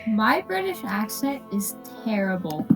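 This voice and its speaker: A woman's voice: mid-range voice, big pitch swings, a little slow, soft background music, poor audio. A young woman co-hosting a casual podcast, rambling and giggly. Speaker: podcast co-host. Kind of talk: casual chat.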